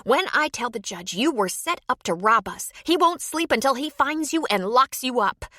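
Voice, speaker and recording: A woman's voice: high voice, animated, normal speed, bright, forceful tone, no echo, clean studio sound, voice pushed up. A woman voicing a spirited young wife who confronts others sharply and angrily. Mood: threatening.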